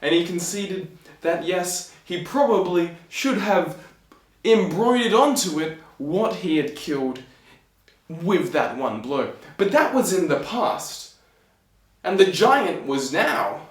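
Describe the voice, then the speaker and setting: Playful, lively storyteller man. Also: sits high, slow pace. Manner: playful, chatty asides to the listener. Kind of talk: casual storytelling with asides. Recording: echoey room.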